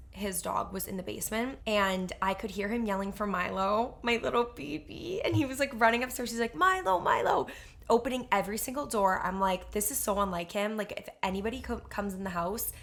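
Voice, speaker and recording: A young woman co-hosting a podcast, telling stories in casual chat with lots of "like" fillers. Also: mid-range voice. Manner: animated storyteller, heavy use of "like". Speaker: podcast co-host.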